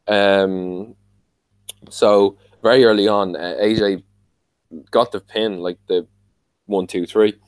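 Low-voiced Irish man rambling about wrestling. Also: steady tone, takes it slowly, pauses often, clean tone, no echo, rough recording. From Ireland. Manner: rambling, many fillers and restarts. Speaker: podcast host recapping wrestling. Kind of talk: casual wrestling recap.

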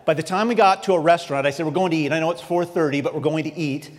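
A man delivers a sermon, slipping into an earnest, animated personal story. His voice sits somewhat high. It rings out with the long reverb of a large hall. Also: rapid-fire. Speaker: preacher.

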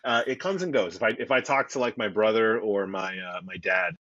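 A man's voice: on the low side, brisk, pushed and bright, dry recording, muffled recording. A middle-aged man from Brooklyn with a mild New York accent, chatting casually as an interview guest and rambling with easygoing restarts. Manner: rambling, self-correcting, easygoing. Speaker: podcast guest, comic creator.

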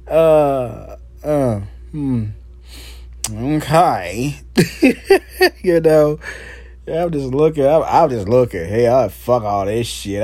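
A man talks through a story on his own podcast, slow and unhurried, dropping curses and laughing as he goes. His voice sits at an ordinary middle pitch. The recording is dry and close, with no room sound. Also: a little mellow, no echo. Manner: profane, rambling storytelling with frequent laughs; slow, drawn-out delivery. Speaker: podcast host. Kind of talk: casual solo podcast monologue.

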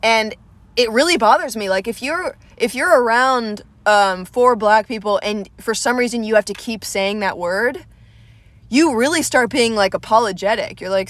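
A woman's voice: on the high side, normal speed, a bit bright, no room sound. Rambling young woman comedian, dry close sound. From Atlanta. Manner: rambling, self-deprecating, swears casually. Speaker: comedian and podcast host. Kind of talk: casual solo podcast monologue. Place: small room at home, lights went out.

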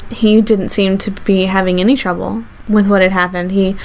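A woman's voice: medium pitch, level tone, a little mellow, a little hiss or hum. Earnest woman telling a true story. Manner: earnest, halting delivery with restarts. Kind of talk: first-person true story told to an audience.

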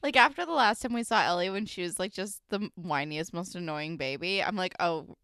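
A young woman co-hosting a podcast, chatting casually with frequent laughs and animated asides. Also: on the low side, brisk, clean tone, no room sound, clean studio sound. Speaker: podcast co-host. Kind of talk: casual recap chat.

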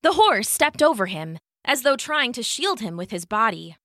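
A woman hosting a story podcast, narrating a children's story in a soft, unhurried, expressive way on a close studio mic. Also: on the high side, dry recording. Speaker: storyteller host.

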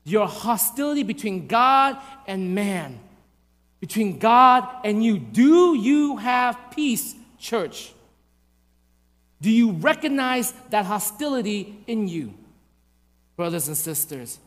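A man preaching a sermon to his church, asking rhetorical questions and acting out little stories with lively voices. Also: high voice, slow pace. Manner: animated, acts out voices in anecdotes, rhetorical questions. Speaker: pastor. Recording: long hall reverb.

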